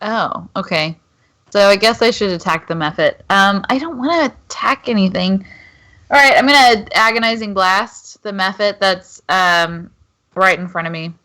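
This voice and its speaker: A woman's voice: mid-range voice, moderate pace, pushed and bright. A woman playing a tabletop game, chatty and hesitant, checking rules with lots of ums. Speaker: player. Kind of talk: casual tabletop play.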